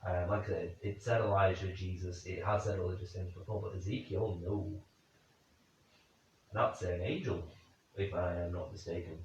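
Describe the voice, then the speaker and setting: During a night vigil indoors, a paranormal investigator with a fairly low voice and fairly even intonation reasons aloud, second-guesses himself, and speaks directly to spirits in a questioning, speculative way. He is some distance from the mic in a heavily echoing room. The audio is dull and lo-fi, with a little hiss or hum.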